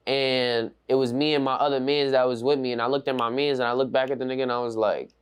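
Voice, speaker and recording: A man, telling a story in a casual interview, animated and slang-heavy. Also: mid-range voice, quick pace, clear, resonant tone. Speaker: interview guest.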